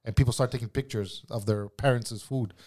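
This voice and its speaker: A man's voice: medium pitch, steady tone, fairly quick, warm tone. Blunt, profane man ranting. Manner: blunt, profane ranting, says "bro" constantly. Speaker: podcast guest, kitchen cook. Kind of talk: casual storytelling chat.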